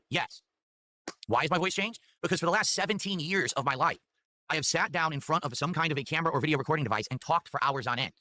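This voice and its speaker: A man in his forties rants to his livestream viewers at a breakneck clip, profane and defensive. His voice is bright and sharp, pitched a little high. It is picked up by a desk mic in a home streaming setup. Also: quick pace. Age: 40s. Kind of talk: livestream talk answering viewer tips. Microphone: desk microphone.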